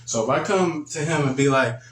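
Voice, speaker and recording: A man giving a casual spoken teaching, talking conversationally and acting out quoted voices in a higher pitch. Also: fairly quick, fairly bright tone, echoey room, poor audio. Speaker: preacher.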